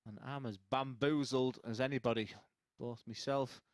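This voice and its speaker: A man commentating live darts, talkative and full of opinions, with a habit of ribbing his partner. His voice sits at a middling pitch and sounds close and dry on a headset mic. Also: fairly even intonation, moderate pace, dry recording.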